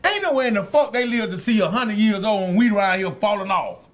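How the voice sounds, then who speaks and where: A man co-hosting a podcast, telling jokes and stories in loud, profane casual chat. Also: high voice, animated, brisk. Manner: loud, joking, profane storytelling. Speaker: podcast co-host.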